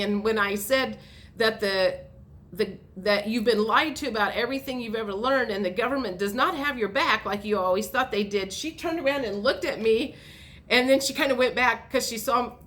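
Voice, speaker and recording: A woman's voice: fairly high pitch, fairly bright tone. A woman telling a rambling story in a casual vlog, with many fillers and restarts. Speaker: vlogger.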